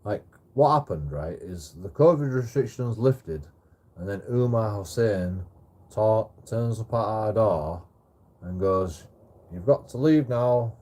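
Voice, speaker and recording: Young male streamer, low and husky, casual and profane, stumbles and restarts a lot. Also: animated, slow pace, darkish tone. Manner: rambling, swears a lot, stammers and restarts. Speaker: livestreamer. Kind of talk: casual storytelling on a livestream.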